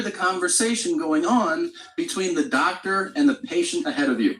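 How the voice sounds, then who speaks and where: A man's voice: a little high, animated, moderate pace, hardly any pauses, a bit bright, echoey room, low-quality recording. A man doing a stand-up comedy set, telling a crude story in a loose conversational way and acting out what people said. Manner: conversational storytelling with crude humor and acted-out quotes. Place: comedy club stage.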